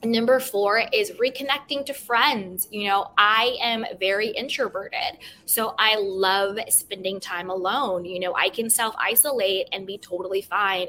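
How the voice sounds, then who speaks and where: A woman hosting a self-help podcast, talking gently and repeating affirmations, with many "you know" fillers. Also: mid-range voice, a little hiss or hum. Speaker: podcast host.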